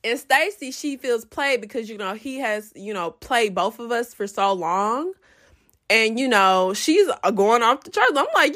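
A young adult woman telling a story to her viewers in a casual, profane, animated way, often breaking into laughs. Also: a little high, moderate pace.

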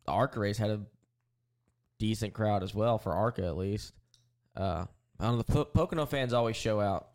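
A man's voice: lowish voice, moderate pace, a little mellow. A man co-hosting a podcast as a race car driver, telling rambling stories in a laid-back, casual way full of fillers. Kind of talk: casual chat.

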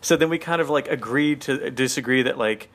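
A man's voice: medium pitch, brisk, a bit bright. A man co-hosting a podcast, chatting in a rambling, conversational way full of "like". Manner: rambling, conversational, lots of filler "like". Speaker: podcast co-host. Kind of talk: casual podcast chat.

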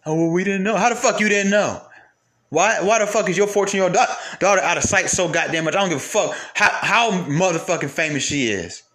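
A man's voice: high voice, brisk, bright, forceful tone. A man delivering an angry, profane rant to camera, firing off repeated rhetorical questions.

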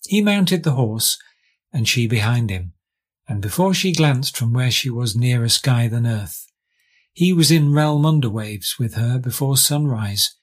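A man from England reading a fairy tale aloud as scripted narration, with measured storytelling. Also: mid-range voice, lively intonation. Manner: measured storytelling, lightly voicing characters. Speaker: audiobook reader.

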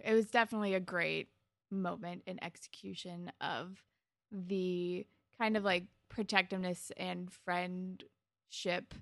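A woman's voice: lowish voice, gravelly, fairly bright tone, dry recording, studio quality. A woman co-hosting a podcast, retelling a TV episode in a rambling, casual way full of "like". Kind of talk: casual TV recap chat.

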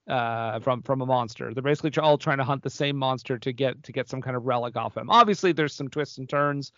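A man co-hosting a podcast in a middle-pitched, everyday voice. He talks casually with lots of fillers and slips into blunt jokes. The sound is dry and dull, like a lo-fi recording. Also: a bit bright, no room sound. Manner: filler-heavy, blunt, joking. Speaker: podcast co-host. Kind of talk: casual chat.

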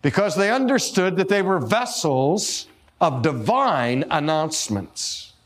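Male preacher, slow deliberate delivery, fairly high-pitched, emphatic stress on key words, rhetorical questions. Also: very animated. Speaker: preacher and teacher. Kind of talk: theological lecture-sermon.

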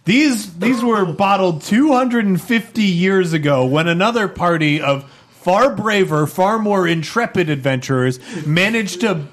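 A man's voice: sits high, animated, a little slow. A man running a tabletop game as game master, narrating dramatically.

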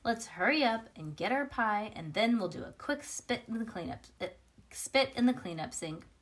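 A blunt, gloomy little schoolboy grumbles in a flat, lowered voice, as a woman reading aloud puts him on. He sounds matter-of-fact and sulky in a children's storybook reading. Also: normal speed, close to an everyday voice. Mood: glum.

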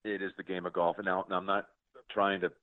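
Deep-voiced man in his 60s on a tinny line. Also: flat delivery, no echo. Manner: earnest, halting with many restarts. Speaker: interview guest, sports broadcaster. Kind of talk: casual interview storytelling. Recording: tinny dry phone-like line.

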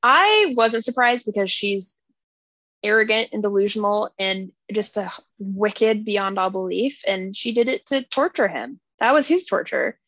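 A young woman co-hosting a casual book podcast, retelling scenes in an animated, gushing way with lots of fillers. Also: mid-range voice, a little slow, dry recording. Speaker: podcast co-host.

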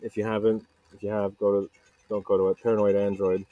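This solo podcast host's fairly low voice shows little pitch movement and a brisk pace, with no echo but narrow, tinny audio from a makeshift home vocal booth. He rambles casually, poking fun at himself, going off on tangents, and quoting people in put-on voices.

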